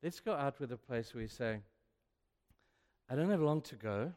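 An older man tells stories in a sermon, speaking at medium pitch and moderate pace. He grows more animated as he goes, acting out dialogue in a rising voice, with long hall reverb around him.

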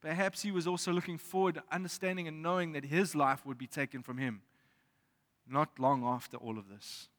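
A man preaching a sermon in a reflective way, reading scripture aloud with pauses. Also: a little high, fairly even intonation, fairly bright tone. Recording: long reverb of a hall.

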